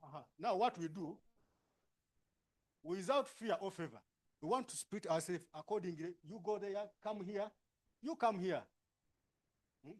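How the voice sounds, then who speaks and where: A man with a high-pitched voice and a Ugandan English accent leads a workshop session in a conference room. He gives brisk instructions and keeps checking with tag questions. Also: darkish tone. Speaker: workshop facilitator. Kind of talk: directing participants into groups.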